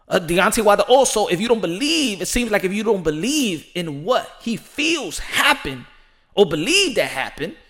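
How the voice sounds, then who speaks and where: A man with a high, bright voice gives loose, rambling boxing commentary. He's animated and laughs freely as he riffs. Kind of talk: casual commentary.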